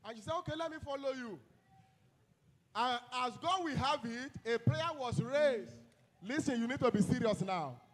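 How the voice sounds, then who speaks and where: A young Nigerian man, a youth pastor, preaching a fiery sermon full of shouted calls and repeated "hello?" to the congregation. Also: very high-pitched, animated, normal speed.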